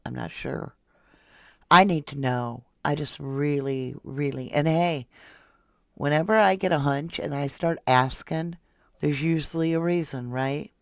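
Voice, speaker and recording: A woman's voice: low-pitched, a little slow, dry recording, clean studio sound. A woman from Florida hosting a casual true crime livestream, chatting and reading viewer comments aloud. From Florida, USA. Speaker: true crime channel host.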